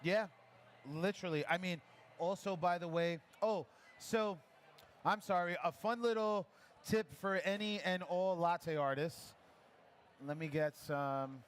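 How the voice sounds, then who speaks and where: Brief: male barista instructor, slightly high voice, chatty encouraging coach, live festival demo. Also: a little hiss or hum. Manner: encouraging, chatty, gives quick pouring cues. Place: coffee festival demo area.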